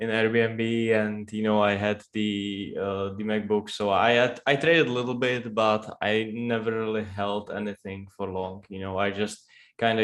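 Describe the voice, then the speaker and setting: A man with a Russian accent, a guest trader in a casual chat, talking in halting phrases with many restarts and fillers. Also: fairly low pitch, rough recording. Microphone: headset or headphone mic on a call.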